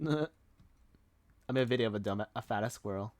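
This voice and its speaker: During a live stream, a young man with a medium-pitched, darkish voice talks at normal speed. His casual stories ramble on, packed with fillers and plenty of swearing.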